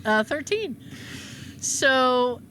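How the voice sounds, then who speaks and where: A woman's voice: sits high, drawn-out words, slight background noise. A woman in her thirties co-hosting a casual podcast, telling a story and acting out the dialogue. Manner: animated, acts out quoted dialogue. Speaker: podcast co-host.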